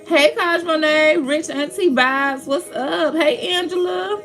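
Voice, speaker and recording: Woman livestream host, high voice, chatty, greets viewers by name. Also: takes it slowly, a bit bright, soft background music. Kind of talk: casual livestream chat.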